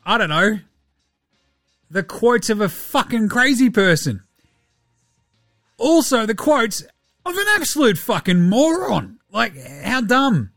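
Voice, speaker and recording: A man's voice: high voice, fairly bright tone, dry recording, clean studio sound. A man with an Australian accent hosting a casual sports podcast, joking, swearing and mocking. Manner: sweary, jokey, mocking impressions. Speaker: podcast host.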